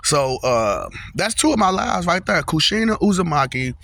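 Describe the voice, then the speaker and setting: Rambling, bright-voiced young man outdoors. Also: on the high side, sing-song, moderate pace, creaky. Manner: rambling, laughs often, repeats "you know what I'm saying". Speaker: vlogger. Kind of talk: casual monologue to camera. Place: outdoors, windy.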